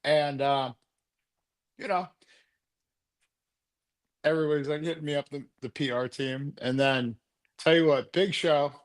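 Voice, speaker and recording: A man's voice: fairly high pitch, steady tone, unhurried, long pauses. A man in his forties, a former football player co-hosting a podcast, talking bluntly with lots of swearing and teasing. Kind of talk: casual sports chat.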